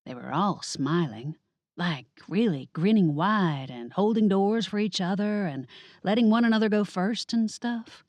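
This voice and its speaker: A woman's voice: mid-range voice, measured pace, a little mellow, no echo. A woman narrating a cozy audiobook in first person, wry and conversational.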